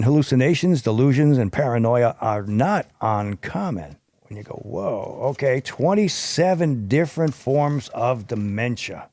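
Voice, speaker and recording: A man hosts a podcast and reads through health facts from his notes, breaking off now and then for a casual aside. He trips over the harder terms from time to time. His voice sounds close and dry, at a middle pitch. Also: dark tone, no echo. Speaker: podcast host. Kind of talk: reading health information aloud.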